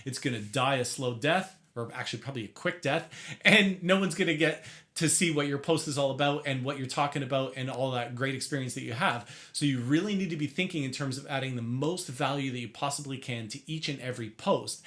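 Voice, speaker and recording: A young man teaching marketing tips straight to camera in an energetic, chatty way, often correcting himself mid-sentence. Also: medium pitch, a little fast. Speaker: marketing coach for therapists.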